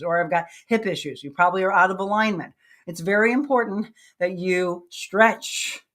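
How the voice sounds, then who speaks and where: A woman's voice: mid-range voice, a bit bright. Upbeat woman hosting a live workout. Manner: chatty, upbeat, laughs often, counts reps aloud. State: out of breath. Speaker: fitness show host. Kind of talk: live-streamed workout chat with viewers.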